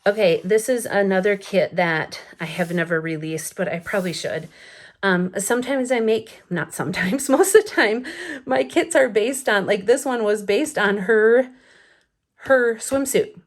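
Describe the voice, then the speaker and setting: Late at night at home, a woman in her thirties who vlogs about scrapbooking flips through a photo album and chats casually. She sounds a bit sleepy, rambling with lots of fillers and little laughs. Her voice is mid-range and her pace is measured.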